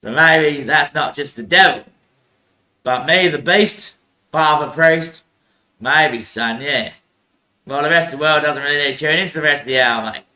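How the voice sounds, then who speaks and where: Bright-voiced man muttering in a roomy space. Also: a little high, moderate pace. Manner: laughs often and trails off into muttered curses; calls the listener son and mate. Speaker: show host. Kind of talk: rambling solo monologue. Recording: roomy echo.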